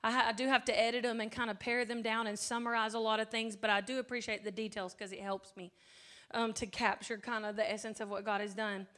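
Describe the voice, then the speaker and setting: Middle-aged Southern woman, high voice, slight twang, casual church devotion speaker. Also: flat delivery, quick pace. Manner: chatty and warm, rising to fervent emphasis.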